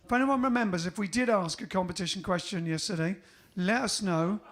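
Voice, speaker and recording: A man with a high-pitched speaking voice chats loosely on a band's livestream. He rambles and jokes, drifting off mid-sentence before picking the thread back up. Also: brisk, fairly bright tone. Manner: rambling, jokey, trails off. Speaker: band singer and co-host. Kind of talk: casual chat on a livestream.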